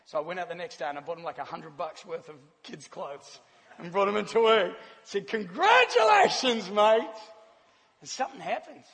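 A man from New Zealand with a New Zealand accent giving a sermon with a personal testimony, an animated storyteller who laughs often. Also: a little high, a little fast, creaky. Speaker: church speaker. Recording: long hall reverb.

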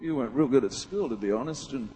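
A man's voice: medium pitch, lively intonation, fast talker, warm tone, slightly rough, in a large hall, faint music behind, pitched below the performer's own voice. A preacher acting out a condescending male voice of doubt that belittles the listener. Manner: condescending, dismissive. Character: sneering voice of doubt, a male committee of naysayers.

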